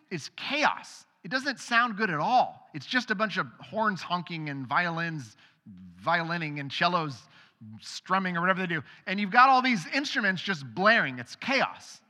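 A man's voice: high voice, lively intonation, moderate pace, pushed and bright, big-room sound. A male pastor giving a sermon in a conversational way, acting out the voices of people in the stories he tells. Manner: conversational, acts out quoted voices.

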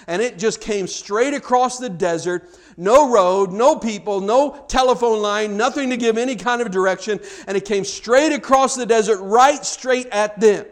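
A man preaching a sermon, telling a story with acted-out dialogue and frequent stammered repeats. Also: high-pitched.

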